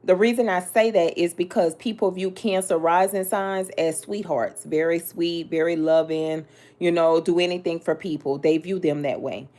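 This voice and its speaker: This woman reads tarot in a fairly low, mellow voice. Sassy and blunt, she talks right to the listener, peppering her speech with slang and swearing.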